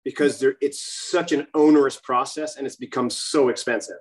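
A host interviewing guests in a casual chat, asking rapid-fire follow-up questions. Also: mid-range voice.

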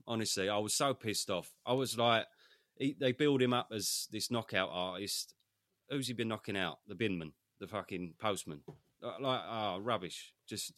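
A man's voice: lowish voice, fairly bright tone, no echo, studio quality. A man co-hosting a boxing podcast in casual chat, frank and swearing with hesitant fillers. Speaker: podcast co-host.

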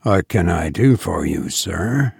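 Man reading a suave, measured undertaker, slow, gravelly, politely sinister, storybook style. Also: mid-range voice, expressive, dry recording, studio quality. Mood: suave, pleasant.

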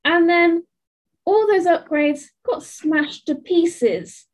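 High-voiced woman chatting on a podcast. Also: slow pace. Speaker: podcast co-host. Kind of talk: casual chat.

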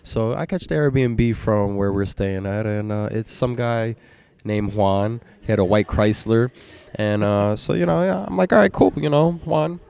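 Young New York man, lowish smooth voice, animated storyteller who swears and acts out quotes. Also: a little slow. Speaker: podcast guest. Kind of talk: casual storytelling chat.

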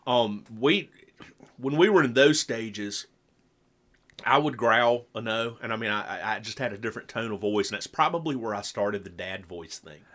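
A middle-aged man chatting casually about raising kids, telling stories with lively swings and dropping low for emphasis. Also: normal speed. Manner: animated storyteller, drops low for emphasis. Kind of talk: casual chat about parenting.

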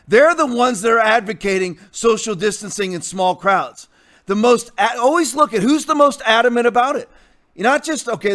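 His voice sits high and fairly bright as he preaches like a pastor. It's a combative rant, blunt and defiant, with points repeated for emphasis.

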